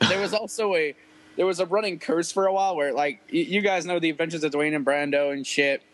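A man's voice: on the high side, quick pace, a bit bright, rough recording. A young man telling stories in casual, profane chat, rambling and laughing often. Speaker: podcast guest musician.

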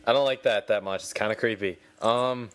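A man's voice: on the low side, a little fast, a bit bright. A young man co-hosting a casual podcast, blunt and teasing, steering the talk to the next topic. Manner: blunt, teasing, keeps the show moving. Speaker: podcast co-host. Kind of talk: casual chat.

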